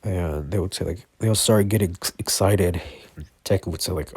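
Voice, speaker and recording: A man's voice: low voice, moderate pace, darkish tone, breathy edge, dry recording. A man casually improvising a fan story, rambling with many fillers and self-corrections.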